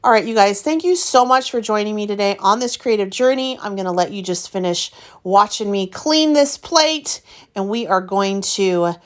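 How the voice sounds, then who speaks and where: A woman's voice: medium pitch, animated, normal speed, clear, resonant tone. A woman hosting her craft video, talking casually and candidly to viewers about her frustration with the work. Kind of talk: casual chat narrating her art process.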